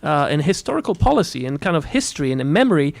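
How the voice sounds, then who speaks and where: Polish-born male guest, measured, halting, slightly high voice. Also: big pitch swings, vocal fry. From Poland. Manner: measured, hesitant with many fillers. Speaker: diplomat guest. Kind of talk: panel discussion answer.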